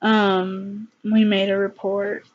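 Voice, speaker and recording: A young woman vlogger telling a personal story in a halting, subdued way, with many fillers. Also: mid-range voice, level tone. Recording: slightly dull lo-fi recording.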